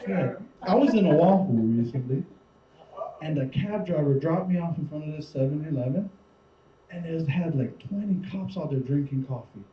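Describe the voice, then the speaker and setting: A man's voice: on the high side, normal speed, a little hiss or hum. A man doing a stand-up comedy set on stage, rambling and swearing as he acts out other people's lines. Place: comedy show stage before a live audience. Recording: distant, roomy, muffled live-show recording with crowd.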